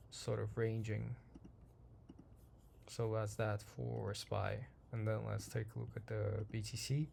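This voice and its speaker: A man hosting a daily market review, talking casually through charts in a slightly hoarse voice, rambling and repeating himself with many ums. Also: medium pitch, warm tone, slight background noise. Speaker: trading channel host.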